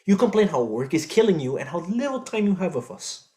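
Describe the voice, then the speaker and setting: A man's voice: sits high, very animated, fairly quick, mellow. A young man playing a furious teenage son. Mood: bitter. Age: young adult. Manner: swearing, accusing, slips into Spanish words. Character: furious eighteen-year-old son confronting his cheating father. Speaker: stage actor. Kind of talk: live student stage drama. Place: theatre stage.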